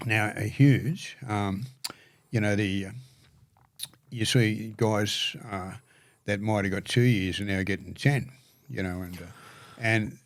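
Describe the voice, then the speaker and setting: Older Australian male guest; earnest, stumbling storyteller, low voice, dry sound. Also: no echo. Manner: halting, repeats words, gravely earnest. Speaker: podcast guest. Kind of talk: storytelling conversation.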